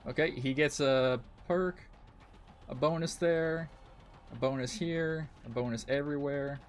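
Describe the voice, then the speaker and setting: A man's voice: fairly high pitch, measured pace. A man streaming a game, ranting in frustration and swearing a lot as he comments on his play. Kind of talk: live gameplay commentary.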